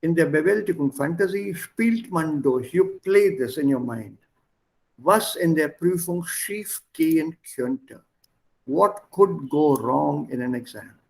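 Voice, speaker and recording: A man's voice: fairly high pitch, animated, takes it slowly, gravelly. A man teaching an online language class over a video call, explaining words one at a time and switching between languages.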